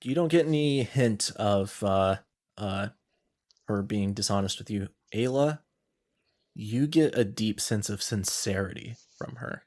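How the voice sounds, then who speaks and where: A man acting as game master, calmly explaining rules and what the players sense. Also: fairly low pitch, measured pace. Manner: calm, explanatory, filler-heavy. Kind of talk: running a tabletop game.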